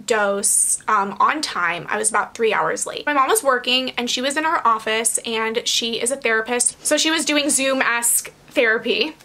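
A young woman with a high, sharp, bright voice talks straight to camera in a casual vlog. She is frank and chatty, slips in light swearing, and laughs easily. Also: normal speed, hardly any pauses. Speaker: vlogger. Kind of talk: candid casual chat to camera.

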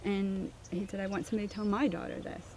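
Animated woman telling her story. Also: mid-range voice, fast, slight background noise. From Missouri. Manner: animated storyteller, acts out quoted dialogue. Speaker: winemaker, guest. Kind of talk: interview storytelling.

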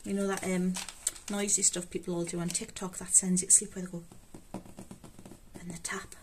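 Her voice on the low side and her tone level, a Geordie budgeting vlogger talks fast, chatting casually and to herself as she counts out money for her budget. The clip is clear, with rustling notes in the background.

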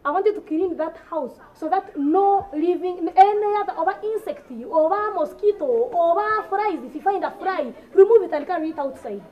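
A woman with a Ugandan English accent performs a comedy sketch with a high voice. She rants in a sarcastic, scolding way, with rhetorical questions and mockery. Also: expressive, normal speed, hardly any pauses, muffled recording.

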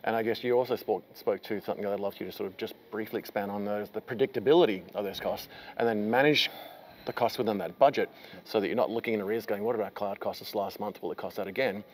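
A man hosting an interview at a conference, asking long, quick questions with many fillers. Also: fairly low pitch, fairly even intonation, low-quality recording. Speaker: interviewer host. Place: busy conference venue.

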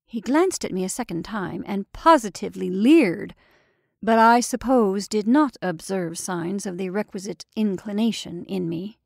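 A woman narrating a classic story with a measured, expressive delivery. Her voice has a steady gravelly fry at mid pitch, recorded close and dry with no room echo.

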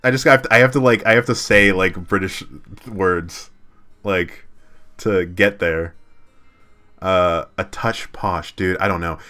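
A man's voice: low-pitched, steady tone, measured pace, pushed and bright, soft background music. A man chatting casually on a game live stream, laughing and self-deprecating, with lots of fillers.

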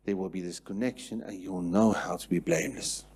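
A man preaching a sermon in church, swinging between hushed passages and loud, repetitive declarations. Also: low voice, steady tone, fairly quick, slightly rough. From South Africa. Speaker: pastor.

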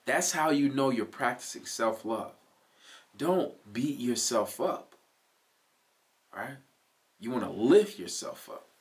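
A man's voice: mid-range voice, expressive, slow pace, pauses often. A man giving a motivational self-help talk in an earnest, coaching way. He repeats key phrases and adds "right?" asides to the listener. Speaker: motivational speaker.

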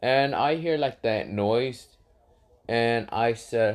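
A man's voice: mid-range voice, slow pace. A man casually telling a self-made adventure story, rambling with lots of fillers and stopping to correct himself. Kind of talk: casual fan-fiction storytelling.

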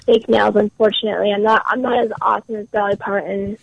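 A woman's voice: mid-range voice, flat delivery, fast, gravelly, breathy edge, dry recording, muffled recording. Young woman chatting as a guest, lots of ums, kinda hesitant. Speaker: guest musician. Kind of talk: casual interview chat.

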